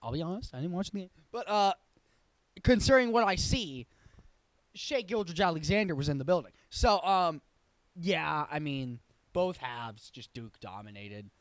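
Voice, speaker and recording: A man's voice: fairly high pitch, lively intonation, normal speed, no room sound. A man hosting a sports show, giving blunt, opinionated, rambling commentary full of self-corrections in a casual tone.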